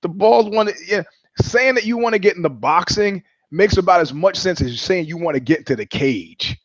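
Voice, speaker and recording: A man's voice: high voice, animated, moderate pace, no echo, lo-fi sound. A man hosting a podcast, ranting about fights in a profane, rambling way and acting out quoted conversations. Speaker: podcast host. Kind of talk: casual rant.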